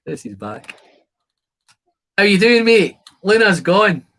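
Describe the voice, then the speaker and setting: A man's voice: sits high, big pitch swings, slow, sharp tone, low-quality recording. Chatty man hosting a live stream. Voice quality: chatty, swears, laughs often. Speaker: livestream host. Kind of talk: casual chat.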